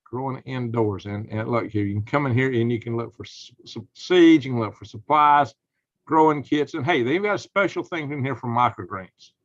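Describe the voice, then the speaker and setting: A man hosting a live prepping channel, rambling folksy commentary that turns loud and indignant, with a drawl. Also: mid-range voice, normal speed, no echo, highs cut off.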